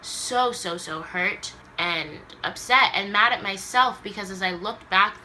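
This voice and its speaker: The speaker is a young woman vlogging from the Los Angeles area, retelling something emotional in an unhurried, medium-pitched voice with a sharp edge. She acts out quoted voices and uses "like" frequently, and a little background noise can be heard.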